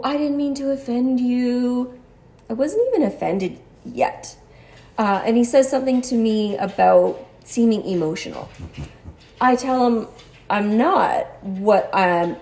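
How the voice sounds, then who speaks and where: A woman's voice: medium pitch, dark tone. A woman telling her own story as a patient in a personal monologue, articulate and precise, with a wry, exasperated edge. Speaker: cancer patient sharing her experience.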